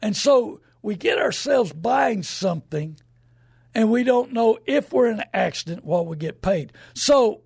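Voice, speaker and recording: A man's voice: high-pitched, expressive, unhurried, creaky, a little mellow, breathy edge, dry recording, clean studio sound. A man hosting a radio show, talking in a rambling, emphatic folksy way and acting out the people he quotes. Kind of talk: folksy radio talk monologue.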